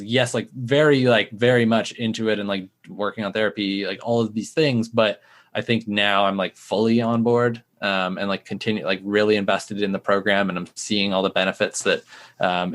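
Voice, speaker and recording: Young male founder in recovery, candid and rambling, fillers throughout, fairly low voice. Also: a bit bright. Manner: rambling, heavy use of "like" fillers. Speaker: startup founder in addiction recovery. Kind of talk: candid interview answers.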